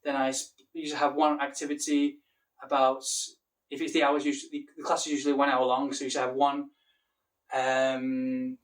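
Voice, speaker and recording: A man's voice: medium pitch, completely flat delivery, moderate pace, recorded from a distance. A man with a Mancunian accent, an English teacher talking casually to camera, rambling and restarting his sentences. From Manchester, England.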